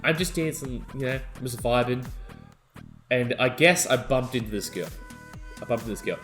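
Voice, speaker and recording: A young adult man, co-hosting a podcast and telling a wild story in excitable casual chat. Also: medium pitch, moderate pace, soft background music. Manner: animated, excitable storytelling, yelling out quoted lines. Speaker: podcast co-host.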